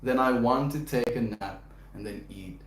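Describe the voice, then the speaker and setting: A man's voice: mid-range voice, normal speed, a little hiss or hum. A young man hosting a casual live stream, reading viewer comments and chatting in a laid-back way, often laughing and calling people dude and bro. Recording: echoey room.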